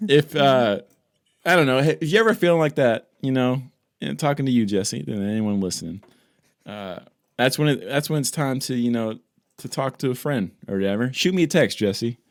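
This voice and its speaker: A man with an average-pitched voice speaks casually on a podcast and offers a friend support. He pauses often with "uh" and sounds easygoing. The recording is dry and close to the mic. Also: lively intonation, no echo. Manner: easygoing, supportive, with halting "uh" fillers. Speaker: podcast co-host. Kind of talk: casual chat.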